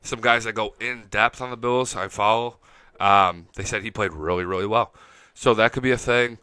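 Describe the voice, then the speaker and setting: A young man hosting a casual live-stream fan chat, excitable and profane, reading viewer comments aloud. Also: lowish voice, normal speed, clean tone, no room sound. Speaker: fan show host.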